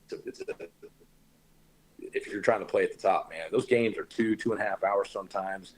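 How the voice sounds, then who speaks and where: Low husky-voiced man giving advice. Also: moderate pace, low-quality recording. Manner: laid-back, drawling, coach-like advice with slang. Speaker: podcast host. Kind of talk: casual podcast chat.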